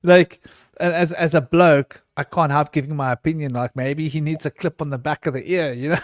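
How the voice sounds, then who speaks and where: A man sharing his thoughts in a casual round table, his voice sitting somewhat high. He rambles, circles back and restarts his sentences as he goes. The sound is dry and close, with no room around it. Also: steady tone, brisk, dry recording. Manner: rambling and emotional, many restarts. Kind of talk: casual group discussion.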